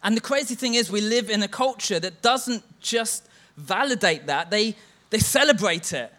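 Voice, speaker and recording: A man's voice: sits high, lively intonation, normal speed, pushed and bright. A church leader giving a sermon, telling stories and chanting a mocking refrain to make his point.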